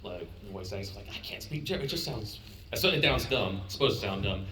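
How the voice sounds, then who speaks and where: A man, a fan at a convention panel, asking a question in an excited, giggly, self-conscious way. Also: lowish voice, fast talker, slight background noise. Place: convention hall. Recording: echoey hall with crowd behind.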